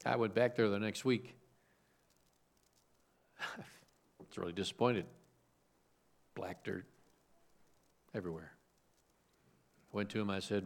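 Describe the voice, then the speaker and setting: A man's voice: lowish voice, fairly even intonation, unhurried, gravelly, pauses often. A man preaching a sermon, from suburban Chicago, asking rhetorical questions and telling homespun stories. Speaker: pastor.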